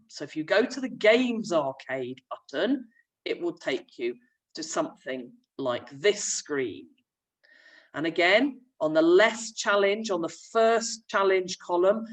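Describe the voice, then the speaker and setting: A woman's voice: on the low side, far from the mic, poor audio. A young woman, a primary school teacher, chattily explaining a remote lesson while sharing her screen. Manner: friendly, chatty classroom explaining.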